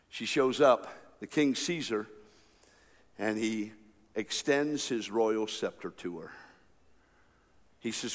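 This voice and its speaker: A man preaching a sermon, telling a story with lively acted-out voices. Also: medium pitch, unhurried, long pauses, big-room sound. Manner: animated storytelling, acting out characters. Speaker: pastor.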